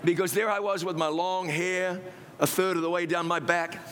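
A man preaching, telling his own testimony as a lively, self-mocking story. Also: high voice, moderate pace, big-room sound.

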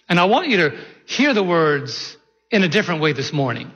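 A man in his sixties, preaching as a pastor, with a somewhat high, ringing voice. He stretches out the words he wants to stress and keeps asking his listeners questions. The sound is muffled and carries a long echo through a large sanctuary. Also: very animated, fairly bright tone, breathy edge. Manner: slow, deliberate emphasis, quizzes the congregation. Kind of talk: sermon. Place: church sanctuary. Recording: echoey hall, dull sound.

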